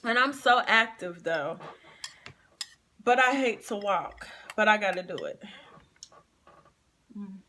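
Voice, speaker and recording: A woman's voice: mid-range voice, slight background noise. A woman, chatting casually in a pregnancy update and eating vlog, her nose stuffy and running. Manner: chatty and expressive, drawn-out repetitions. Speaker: vlogger.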